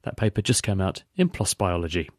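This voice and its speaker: A man hosting a science show, reading links in a smooth, scripted way. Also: low-pitched, very animated, brisk, no echo, clean studio sound. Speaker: host. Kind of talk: scripted presenting.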